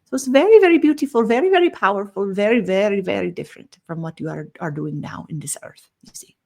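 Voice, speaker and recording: A woman giving a channeled spiritual talk, slow and meandering, humming "mm" between phrases and tagging almost every thought with "you see", her phrase endings trailing off quietly. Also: medium pitch, lively intonation, vocal fry.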